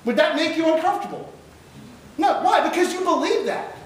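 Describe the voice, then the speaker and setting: A man giving an emphatic chapel talk to high school students, often putting questions to the audience. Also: animated, a little fast. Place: large echoey chapel hall. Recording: echoey hall recorded from far off.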